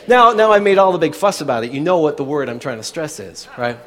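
A man's voice: fairly high pitch, big pitch swings, fast, few pauses, in a large hall. A man preaching a sermon in a chatty way, with many restarts and asides to the congregation. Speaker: pastor.

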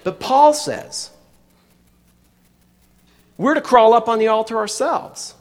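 High-voiced pastor preaching in a reverberant hall. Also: male voice, takes it slowly, long pauses. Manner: conversational, many restarts and asides to the audience. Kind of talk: sermon.

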